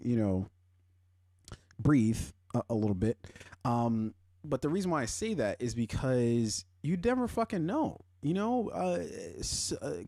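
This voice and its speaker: A young man hosting a podcast, chatting casually and rambling, swearing often and swinging into loud, animated rants. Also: mid-range voice, no echo, clean studio sound. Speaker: podcast host. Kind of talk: casual pop-culture chat.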